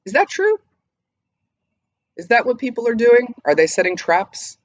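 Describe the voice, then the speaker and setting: A woman teaching literature in a casual online lesson. She speaks in a thoughtful, musing way and pauses often with hesitant fillers. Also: on the high side, big pitch swings, dry recording, lo-fi sound.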